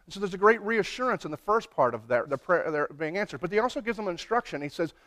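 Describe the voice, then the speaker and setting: Male pastor, fairly high voice, loose conversational sermon with frequent restarts. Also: expressive, fast talker, fairly bright tone. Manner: conversational, repeats words while searching for phrasing.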